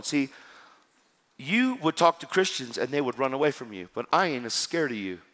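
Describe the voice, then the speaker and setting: A man preaching a sermon, telling a story in a lively, joking way and acting out the dialogue. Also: medium pitch, moderate pace, in a large hall. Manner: animated, jokey, acts out dialogue.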